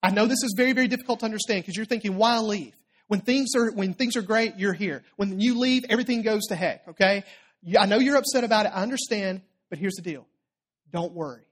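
A preacher voicing a gentle, reassuring male teacher in a soft, lowered, slowed delivery within a sermon. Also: lightly acted.

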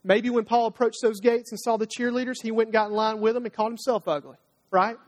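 A male pastor preaching a conversational sermon. He acts out prayers and God's answers in a lively, talkative way. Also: high voice, quick pace. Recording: long reverb of a large hall.

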